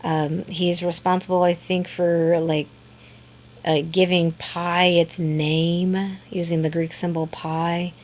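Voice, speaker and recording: A woman's voice: on the low side, little pitch movement, takes it slowly, a little mellow. Chatty woman teaching a math lesson. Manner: casual, chatty, many fillers and restarts. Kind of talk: classroom lecture video.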